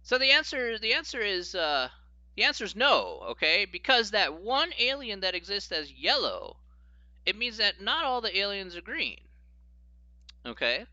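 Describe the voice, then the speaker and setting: Guy streaming a math class, laughing thru it, bright voice, kinda muffled dry sound. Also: sits high, big pitch swings, moderate pace, no echo. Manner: giggly, keeps breaking into laughter while explaining; reacts to viewer chat. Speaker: math teacher streaming a lesson. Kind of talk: live-streamed logic lesson.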